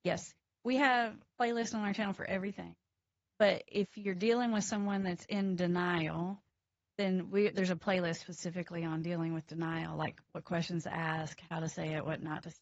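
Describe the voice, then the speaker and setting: A woman counselor talking as a podcast guest, animated and emphatic, laughing between points. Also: fairly low pitch, fairly quick, no echo, dull audio. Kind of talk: casual interview chat.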